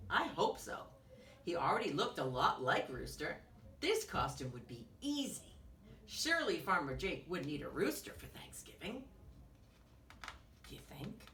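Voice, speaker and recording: A woman's voice: fairly low pitch, fairly bright tone. A woman teacher reading a picture book aloud to young children, asking them questions and dropping into whispers. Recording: echoey room, distant mic, faint hiss.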